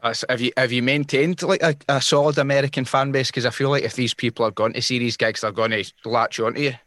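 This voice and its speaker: A Scottish man hosts a podcast interview, quick to react and keen with his questions. His voice is close and dry, with almost no room sound. His pitch is mid-range. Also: steady tone, a bit bright, no echo. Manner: enthusiastic, chatty questioner. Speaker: podcast host.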